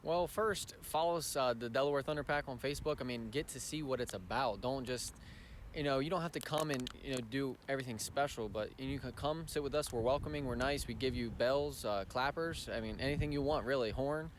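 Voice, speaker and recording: A man's voice: medium pitch, fairly quick. A male hockey fan gives a casual interview at the arena. His mid-range voice is friendly and eager as he rambles, with faint noise behind. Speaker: fan guest.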